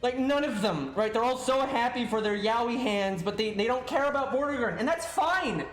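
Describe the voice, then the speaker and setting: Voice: medium pitch, expressive, moderate pace, faint music behind. Ranting streamer in a roomy echo. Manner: ranting, swearing, exasperated, stammering restarts. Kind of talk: livestream rant.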